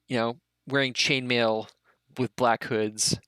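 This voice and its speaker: A man narrates a tabletop game as game master, at an ordinary pitch. He rambles, restarts, and fills gaps with asides. His mic is close and dry. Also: steady tone, slow, a bit bright, clean tone, no echo. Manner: rambling, many fillers and restarts.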